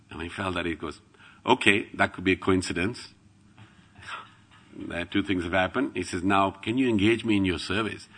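Guy giving a temple talk, bright forceful voice, kinda low, acts out all the quotes. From England. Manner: lively storytelling, acts out quoted voices, rises to loud chanting. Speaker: temple speaker. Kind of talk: devotional talk with anecdotes.

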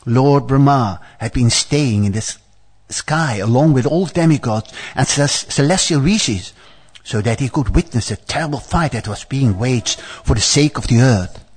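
A man's voice: mid-range voice, expressive, moderate pace, breathy edge. Chatty man reading scripture aloud. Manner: chatty asides, stammering repeats, frequent fillers; playful, teasing the audience. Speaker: scripture class leader.

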